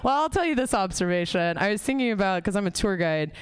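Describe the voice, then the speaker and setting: A woman's voice: medium pitch, lively intonation, quick pace, smooth, dry recording. Profane rambling woman comic. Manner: profane, rambling, self-mocking. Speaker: stand-up comic. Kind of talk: stand-up set. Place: comedy club stage.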